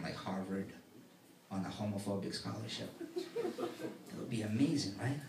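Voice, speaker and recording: A man doing stand-up comedy in a workout room, soft-spoken and quizzing the audience. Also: fairly low pitch, slight background noise. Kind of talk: stand-up comedy with crowd work. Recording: echoey room from a distant mic.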